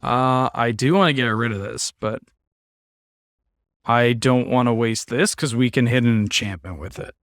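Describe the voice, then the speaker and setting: A man's voice: mid-range voice, normal speed, a bit bright, dry recording, clean studio sound. A man streaming a card game, giving casual commentary with wry, sarcastic asides.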